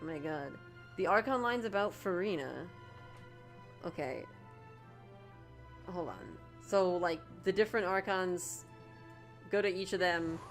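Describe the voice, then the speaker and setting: A woman streaming a game with a fairly low voice, chatting casually and gushing with excitement. She trips over her words and restarts often. Faint music plays behind her. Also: unhurried, pauses often.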